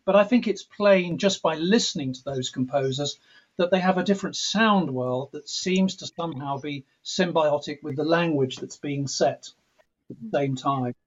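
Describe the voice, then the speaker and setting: A man's voice: on the high side, normal speed, husky. A middle-aged English composer answering interview questions in a reflective way, often restarting his sentences. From England. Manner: reflective, restarts sentences, mimics accents playfully. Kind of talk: thoughtful interview talk. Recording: dull lo-fi audio.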